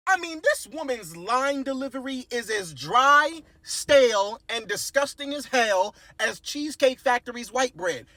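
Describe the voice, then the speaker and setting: A young man ranting in a casual movie review, animated, exasperated and profane, sometimes bursting into shouts. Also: very high-pitched, dry recording.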